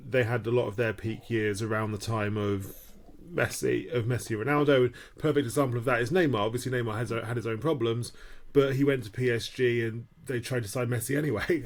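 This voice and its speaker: A man on a podcast panel arguing a point, restarting his sentences often. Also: mid-range voice. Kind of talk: casual panel chat.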